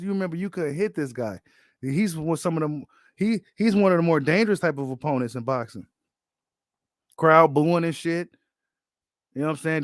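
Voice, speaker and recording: A man hosting a boxing channel, giving casual, animated reaction commentary full of slang and repeated phrases. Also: on the high side, dry recording, clean studio sound.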